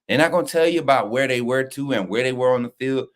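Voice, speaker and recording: A fast-talking man with a medium-pitched voice co-hosts a livestream, reading chat as he talks sports. His casual talk is fired-up, slangy and full of trash talk.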